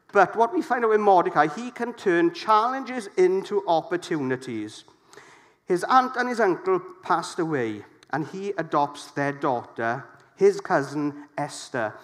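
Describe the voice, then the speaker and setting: A middle-aged man preaching a sermon, lively and jokey, putting questions to the congregation. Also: fairly high pitch.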